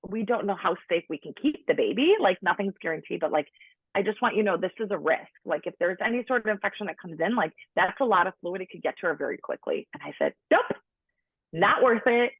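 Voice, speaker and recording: A late-30s woman with a mid-range, breathy-edged voice tells her own story as a podcast guest, very animated and fast. She's chatty, says "like" a lot, and acts out the people she quotes, over a tinny, dry phone line with no echo.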